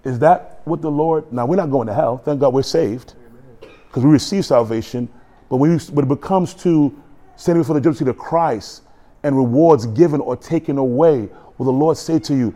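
A man preaching a sermon in a church, animated and joking, acting out quotes as he goes. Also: a little high, moderate pace. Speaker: pastor.

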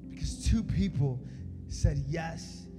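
A young man preaches with loose, energetic storytelling, his voice sitting a bit high for a man. His words ring out through a reverberant hall while music plays beneath him. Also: slow. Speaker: youth preacher. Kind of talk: sermon. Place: church service in a hall. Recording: echoey hall with music behind.

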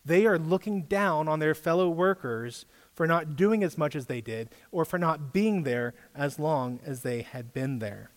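In a big-room sound, a man with a voice on the high side speaks a little slowly with few pauses. He is a youth pastor preaching a casual sermon, chatting with his listeners and quizzing them with questions in a conversational way.

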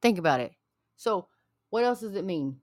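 A woman's voice: mid-range voice, lively intonation, moderate pace, no room sound, clean studio sound. A woman giving a heated, preachy rant to her viewers. She repeats her points over and over and speaks in an angry tone.

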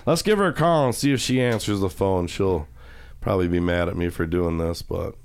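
Low-pitched and fairly quick, with a clean tone, a middle-aged radio host trades casual banter in his studio. His joking rambles and pokes fun at himself.

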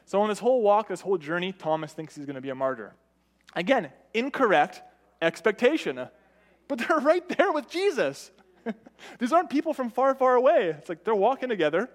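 Male preacher, high voice, conversational sermon delivery that keeps checking in with the congregation. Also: very animated, a little fast. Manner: conversational, often asks "right?"; varies pitch and loudness for emphasis.

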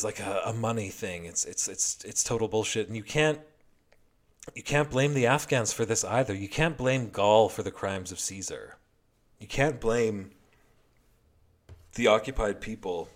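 A man giving a heated, heavily profane and sarcastic political commentary rant. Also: on the low side.

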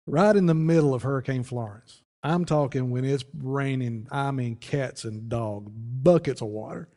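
A man's voice: mid-range voice, normal speed, mellow. Male pastor chatting through a sermon story, folksy, big church reverb. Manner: folksy, conversational, many restarts. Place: church sanctuary.

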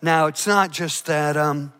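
A man preaching a sermon, swinging from hushed, soft passages to loud, shouted peaks. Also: on the high side, fairly even intonation, a little slow, smooth. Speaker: pastor.

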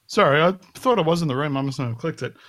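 A jolly Australian man calls in, his voice sitting a bit higher than most. He chats in a light, easygoing way. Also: lively intonation, fast, fairly bright tone. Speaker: caller. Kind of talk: casual call-in chat.

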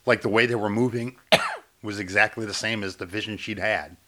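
Man, bright forceful voice, blunt, grumbling, casual movie review chat. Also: on the low side, steady tone, normal speed. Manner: blunt and grumbling, swears freely. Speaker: podcast co-host.

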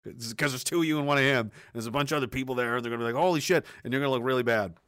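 A man hosting a livestream, ranting casually with lots of swearing and sudden loud outbursts. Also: medium pitch, racing, clean tone, no room sound, studio quality. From partly Nova Scotia, Canada. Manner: rambling, profane, animated, bursts into shouts. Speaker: livestream host. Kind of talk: casual profane livestream rant.

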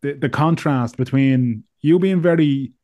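A man's voice: medium pitch, measured pace, warm tone. Hesitant, reflective male podcast host. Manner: reflective, hesitant, with many restarts. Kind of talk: conversational interview.

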